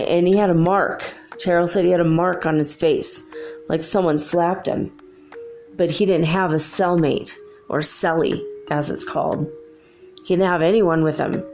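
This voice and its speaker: A middle-aged woman hosting a show, telling a ghost story in a casual way, laughing often and acting out the voices of the people in it. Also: lowish voice. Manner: animated, laughs often, acts out quoted voices. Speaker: podcast host.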